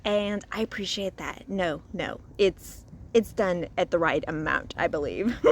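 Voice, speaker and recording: A woman from Louisiana giving a casual spoken review, chatty and expressive, recorded outdoors. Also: fairly low pitch, unhurried, a little hiss or hum. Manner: chatty and expressive, with frequent laughs and sighs. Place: outdoors in a cemetery.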